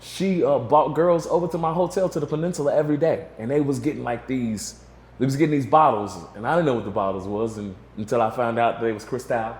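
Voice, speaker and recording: A man's voice: medium pitch, quick pace, darkish tone. Man telling a story in a roomy space. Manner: rambling, filler-heavy, restarts with "you know". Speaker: interview guest. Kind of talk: casual storytelling in an interview. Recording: roomy echo.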